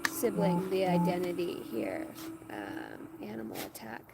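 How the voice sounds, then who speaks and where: A woman's voice: on the low side, sing-song, measured pace, vocal fry, loud music behind the voice. A woman giving a rambling live tarot reading outdoors on rural land, stopping to talk to her dogs. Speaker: tarot reader. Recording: loud outdoor background noise.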